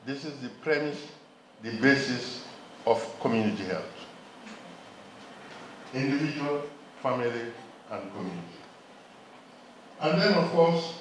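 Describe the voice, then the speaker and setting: In a heavily echoing conference hall, a symposium speaker from Gambia delivers a forceful lecture on public health, quizzing his audience as he goes. His voice is mid-range, with slight background noise.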